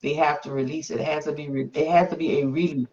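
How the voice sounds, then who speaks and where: A woman hosting a faith-based interview podcast, emphatic and quick to exclaim and affirm. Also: low-pitched, steady tone, darkish tone. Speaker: podcast host. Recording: dull lo-fi sound.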